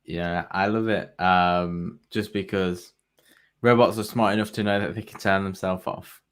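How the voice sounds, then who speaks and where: A man's voice: low voice, fairly even intonation, measured pace, clean tone. A man co-hosting a podcast, chatting casually with some hesitation and dry jokey asides. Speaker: podcast co-host. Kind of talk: casual fan review chat.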